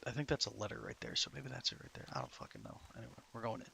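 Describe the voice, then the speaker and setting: A man's voice: mid-range voice, fairly even intonation, very fast, creaky, sharp tone, slight background noise. A tired, sleepy man casually commenting on his gameplay to himself, rambling and swearing. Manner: rambling, profane, self-talking. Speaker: streamer playing an online game.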